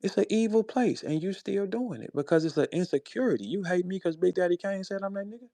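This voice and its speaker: A man from St. Louis ranting in a heated, casual way, blunt and profane, swinging between low grumbles and sharp high-pitched outbursts. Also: animated, quick pace, no room sound. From St. Louis, USA. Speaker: rapper speaking in an audio chat room.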